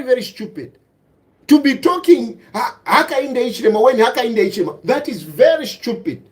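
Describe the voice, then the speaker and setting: A middle-aged man giving an impassioned, scolding political monologue, repeating himself and switching between English and Bemba. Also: very high-pitched. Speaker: political commentator.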